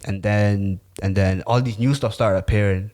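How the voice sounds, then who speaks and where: A man's voice: fairly low pitch, steady tone, normal speed, a little mellow. A man co-hosting a podcast in loose, rambling, slangy casual chat. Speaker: podcast co-host.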